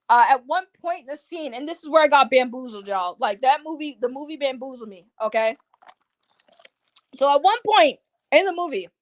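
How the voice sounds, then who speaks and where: Young female vlogger, high-pitched and excitable, casual slangy spoiler-review delivery. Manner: excitable, slangy, swears freely. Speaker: movie reviewer.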